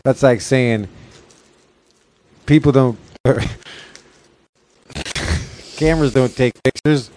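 A man's voice: medium pitch, slow pace, long pauses, a little mellow. A man in a loose, swearing chat among friends, laughing often and rambling through stories. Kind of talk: casual stoned banter.

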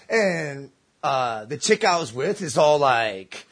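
Male storyteller, husky and high-pitched, lively swooping delivery, profane street slang. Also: slow. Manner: animated, profane, slangy, acts out the voices in his story. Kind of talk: casual storytelling.

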